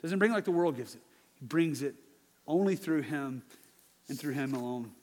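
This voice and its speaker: Animated man preaching in a reverberant hall. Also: on the high side, normal speed. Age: adult father. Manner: conversational and animated, swinging from loud emphasis to hushed asides. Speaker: pastor. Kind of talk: sermon.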